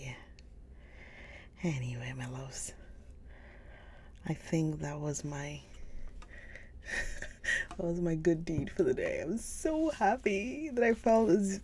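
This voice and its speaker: Lady streamer chatting late at night, low slow gravelly voice, keeps going whispery. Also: a little hiss or hum. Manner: often drops into a soft whisper; chatty and gushing about books. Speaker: livestream book reader host. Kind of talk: casual livestream chat.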